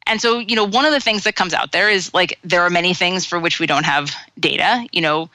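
Bright-voiced woman explaining as a guest. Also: on the low side, no echo, rough recording. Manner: measured, explanatory, with frequent restarts. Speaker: author and guest. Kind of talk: conversational interview.

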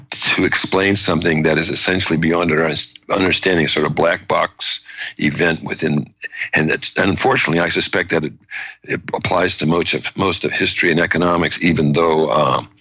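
A man who is a neurologist and author, explaining his ideas as an interview guest in a measured way with frequent restarts. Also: extremely low pitch, gravelly, bright, forceful tone, breathy edge, no echo, poor audio. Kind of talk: conversational interview.

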